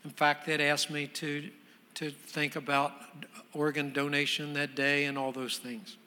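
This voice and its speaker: A man preaching a sermon as a guest pastor, his voice a little high and very bright. He tells his story conversationally, then swells into loud, emphatic preaching. A long church reverb trails each phrase. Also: flat delivery, unhurried.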